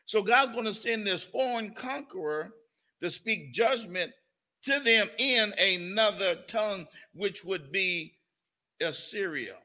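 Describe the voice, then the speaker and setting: An older man preaches a Bible study sermon. His voice sits high and bright with a gravelly edge. He talks slowly and folksily, calling on the people in front of him. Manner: folksy, calls on listeners, puts on a cooing grandparent voice. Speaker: pastor.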